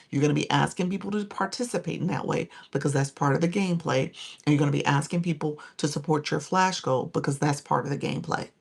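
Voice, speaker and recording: Emphatic lady coaching her live stream viewers, bit of vocal fry, laughs a lot. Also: sits low. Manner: emphatic, thanks viewers by name, laughs often.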